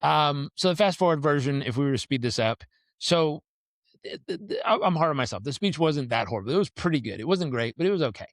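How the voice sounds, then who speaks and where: A man tells his story as a podcast guest, his voice sitting a little high. He is animated and acts out the people in his stories. The sound is dry and close, with no room around it. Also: fast, dry recording.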